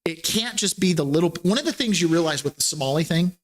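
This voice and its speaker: A man's voice: on the high side, animated, fast talker. A man hosting a casual political talk podcast, chatty and rambling, laughing between points. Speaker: podcast host.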